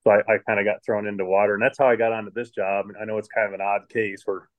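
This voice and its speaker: Middle-aged guy from michigan, lowish voice, rambling laid-back work stories in an interview. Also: little pitch movement, fast talker, phone-quality sound. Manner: easygoing, rambling anecdotes with many restarts. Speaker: podcast guest, water plant manager. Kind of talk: casual storytelling interview.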